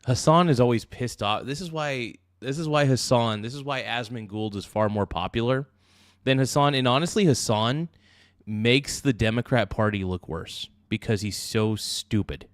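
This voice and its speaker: A man's voice: medium pitch, normal speed, smooth, no room sound, clean studio sound. A young man hosting a livestream, giving rambling, brash political commentary and calling people "dude". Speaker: livestream host.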